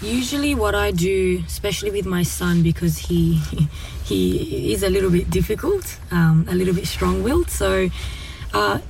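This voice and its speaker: A woman speaking calmly and gently as a parent guest, talking through how she handles her children. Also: medium pitch, moderate pace, creaky, far from the mic, slight background noise, poor audio. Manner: calm, gentle, reflective. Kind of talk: casual discussion.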